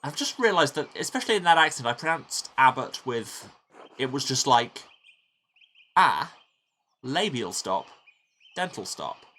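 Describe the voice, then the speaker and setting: Wry, bright-voiced male game commentator. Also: medium pitch, big pitch swings, a little slow, pauses often, poor audio. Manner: wry, rambling asides. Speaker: let's play host. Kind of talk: gameplay commentary.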